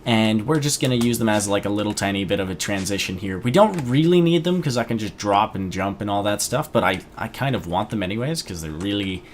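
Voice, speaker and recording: A young man casually commenting on his gameplay, chatty and rambling, with sudden excited outbursts. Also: lowish voice, a little fast, few pauses, slight background noise. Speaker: gaming video host.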